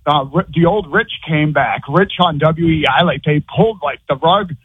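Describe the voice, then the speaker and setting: A man calling in to a sports radio show, rambling in an excitable way. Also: a little high, normal speed, breathy edge, no room sound. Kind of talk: phone-in call. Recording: tinny phone line.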